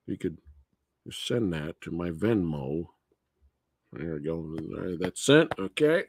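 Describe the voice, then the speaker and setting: Man, live stream host, low voice, animated delivery, dry close sound, laid-back chat. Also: slow, long pauses, husky, no room sound. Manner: laid-back, answering viewers by name.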